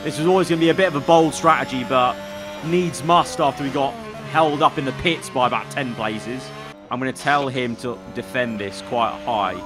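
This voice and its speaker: A young man commentating live as he plays a racing management game, excitable and talking to himself. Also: medium pitch, normal speed, music in the background. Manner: excitable, talks to himself while managing the race. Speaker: gaming YouTuber.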